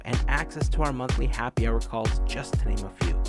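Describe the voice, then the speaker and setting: A man's voice: mid-range voice, fairly quick, loud music behind the voice. A middle-aged man hosting a podcast, reading announcements and then chatting casually, telling stories in an upbeat way. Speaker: podcast host.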